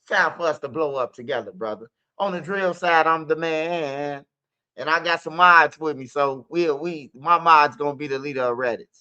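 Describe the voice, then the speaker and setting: A man talking fast and loose as a stream host, acting out fight noises as he tells a story. His voice is bright and forceful, a little high for a man, and the audio sounds dull and lo-fi. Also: smooth. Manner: animated, acts out fight sounds and quotes. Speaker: commentary channel host. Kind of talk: casual storytelling commentary.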